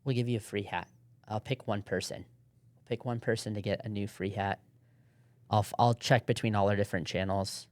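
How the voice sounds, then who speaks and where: A young man co-hosting a podcast, telling stories in a relaxed, rambling way. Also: on the low side, fairly quick, dry recording. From Southern California. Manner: relaxed, rambling storytelling with laughs. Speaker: podcast co-host. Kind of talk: casual chat.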